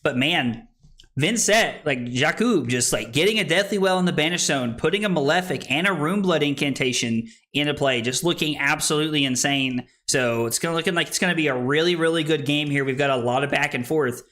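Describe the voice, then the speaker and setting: A man commentating a card game tournament on a livestream, casual and full of fillers, rowdy and quick to swear when joking around. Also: on the high side, a bit bright. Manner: casual, filler-heavy play-by-play. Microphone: streaming microphone.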